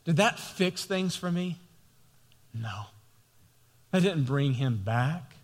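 Man, pastor, passionate sermon, slightly high voice, long hall reverb. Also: lively intonation, slow, long pauses. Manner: impassioned preaching, rising loud at key points.

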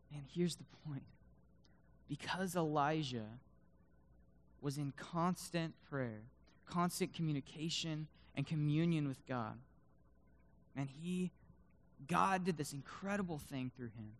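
A man preaching a sermon to students in a room, swinging between loud emphatic bursts and hushed low tones and reading scripture aloud with dramatic emphasis. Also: slow pace, long pauses. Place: room with a live audience.

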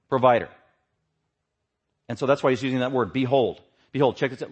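A man preaching a sermon as pastor, emphatic, swinging between loud stresses and hushed asides. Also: mid-range voice, slightly rough.

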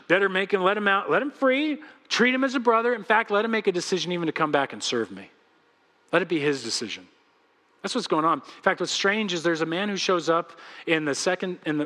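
Earnest high-voiced preacher in a reverberant hall. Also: male voice, pushed and bright. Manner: earnest, pleading, direct address to the congregation. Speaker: pastor. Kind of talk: sermon. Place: church sanctuary.

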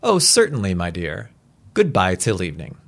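A man's voice: low voice, wildly swooping pitch, normal speed, vocal fry, heavily acted. A man voicing a chatty, naive wealthy wife in a read-aloud story. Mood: breezy. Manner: light, breathless, naive tone.

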